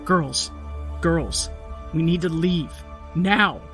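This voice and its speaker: A woman voicing a panicked young man who shouts urgently as he flees the woods. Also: low-pitched, animated, slow, faint music behind.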